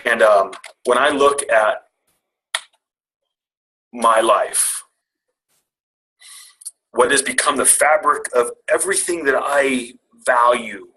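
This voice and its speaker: Bright-voiced man telling a personal story. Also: medium pitch, slow pace, long pauses, poor audio. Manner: candid, self-deprecating storyteller. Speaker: guest speaker. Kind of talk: motivational storytelling. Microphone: call audio.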